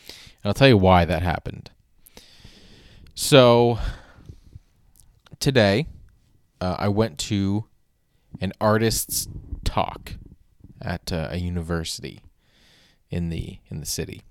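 A man's voice: low-pitched, takes it slowly, pauses often, clear, resonant tone. A man hosting a solo podcast, talking casually in a rambling, wry, self-deprecating way, with frequent restarts and casual swearing. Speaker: podcast host.

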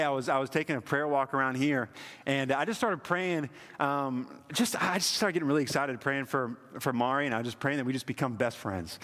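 A man's voice: a little high, fairly bright tone, in a large hall. A man in his thirties giving a casual, rambling sermon as pastor, full of "you know".

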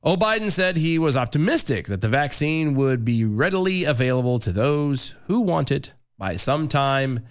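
A man's voice: mid-range voice, big pitch swings, moderate pace, hardly any pauses, smooth. A man co-hosting a casual political podcast, talking in a sarcastic way and reading quotes aloud with mock gravity. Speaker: podcast co-host.

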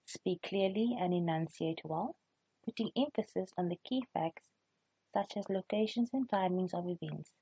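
A young woman with a South African accent, a student reading a prepared class podcast script in a measured way. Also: lowish voice, mellow, husky, dry recording. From Cape Town, South Africa. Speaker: student presenter.

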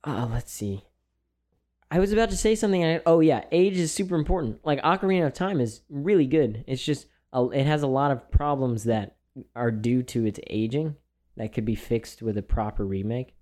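A young man co-hosting a casual chat podcast, laughing often and telling stories with lively voices. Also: medium pitch, normal speed. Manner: laughs often, animated storytelling. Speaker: podcast co-host.

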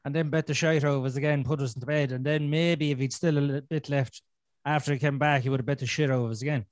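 A man's voice: mid-range voice, fairly even intonation, fast, dry recording. A man with an Irish accent talking bluntly and swearing freely as a podcast guest in a casual conversation.

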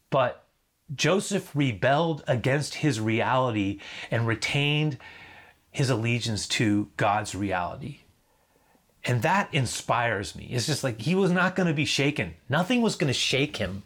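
A man's voice: lowish voice, slightly rough. A man preaching a reflective sermon, building to emphatic moments and asking listeners to repeat after him.

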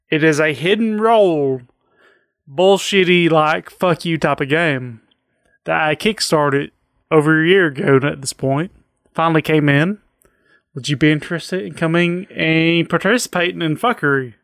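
A man hosting a casual podcast, swearing easily and sounding excited about a board game. His voice is a bit higher than most men's, and the recording is close and dry with no room sound. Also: normal speed, dry recording. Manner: profane, enthusiastic pitching of a board game. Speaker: podcast host. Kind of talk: casual chat.

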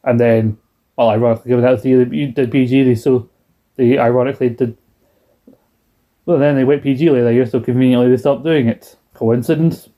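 A man's voice: medium pitch, fairly even intonation, a little fast, mellow. A British man co-hosting a podcast in casual chat, rambling and acting out quoted lines in a raised put-on voice. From Britain. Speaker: podcast co-host.

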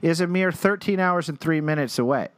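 A man's voice: a little high, fairly quick, no echo. A man co-hosting a podcast, chatting casually and jokingly with frequent laughs and fillers. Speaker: podcast co-host. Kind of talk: casual comedic chat.

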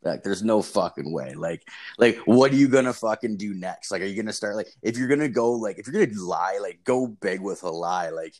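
A man's voice: on the low side, expressive, fairly quick, darkish tone. A young man co-hosting a casual podcast chat, rambling through stories and swearing constantly. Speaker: podcast co-host.

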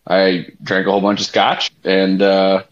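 Low-voiced young man telling a story. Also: a little slow. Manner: animated, swears freely, many fillers. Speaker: podcast co-host. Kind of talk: casual podcast storytelling. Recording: slightly muffled podcast audio.

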